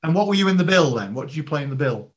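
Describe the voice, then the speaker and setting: A man interviewing an actor in a relaxed, conversational way. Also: on the high side, dull audio. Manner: conversational, quick bursts of questions. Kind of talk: casual interview chat.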